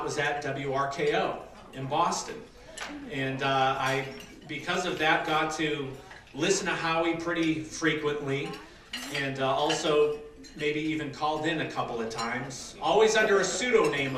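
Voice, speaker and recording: A man from Massachusetts giving a rousing campaign speech at a dinner, building to loud applause lines. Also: on the high side. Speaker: political candidate giving a speech. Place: large dinner hall with an audience. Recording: echoey banquet hall, distant mic, crowd noise.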